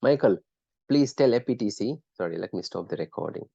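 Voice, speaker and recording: Male lecturer for an online class, encouraging and conversational, dark husky tone, dull lo-fi call audio. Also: lowish voice, animated, a little fast, no echo. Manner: conversational, quizzes students by name, encouraging. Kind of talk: live online class teaching.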